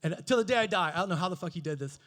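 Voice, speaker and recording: High-voiced man doing animated stand-up. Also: rapid-fire. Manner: animated, swearing, mimics voices with big pitch jumps. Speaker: stand-up comedian. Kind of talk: stand-up comedy set. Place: comedy stage before a live audience.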